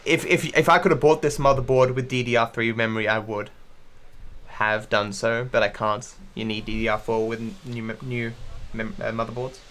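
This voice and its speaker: Streaming a game, an Australian man with a hard-to-place blended accent gives rambling, casual commentary, often restarting sentences and swearing freely. His middle-pitched, fairly bright voice stays flat in pitch at a normal speed.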